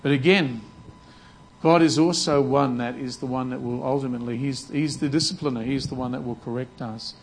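A man's voice: mid-range voice, steady tone, brisk, vocal fry, slightly rough, low-quality recording. A man preaching a sermon earnestly, often repeating words as he restarts his sentences. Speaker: pastor.

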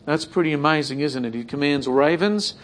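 A man's voice: a little high, brisk. A man preaching a sermon in a conversational way, repeating phrases and acting out imagined prayers.

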